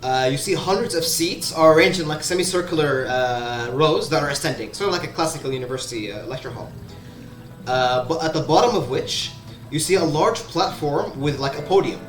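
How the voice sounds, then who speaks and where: A man narrates as game master in a fairly high voice. He hesitates often and fills the gaps with lots of fillers. His voice sounds roomy and echoing. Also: fairly quick, soft background music. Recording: echoey room sound.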